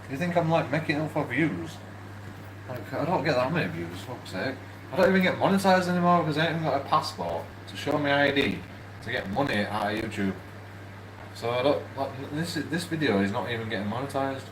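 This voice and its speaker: A drunk man rants and swears to camera, circling back over the same points again and again. His voice sits at a middling pitch. The room rings with echo, and a clear hum of background noise runs underneath. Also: expressive, brisk. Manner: angry, rambling, swearing, repeating himself. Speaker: YouTube channel host. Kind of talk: drunk ranting vlog to camera. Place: room in a shared house.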